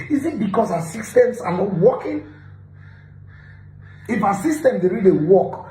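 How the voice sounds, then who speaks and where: High-voiced indignant Nigerian man. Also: darkish tone, reverberant, slight background noise, rough recording. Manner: indignant, mixes Pidgin with English, repeats himself for emphasis. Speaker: news commentator. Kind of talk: reaction commentary.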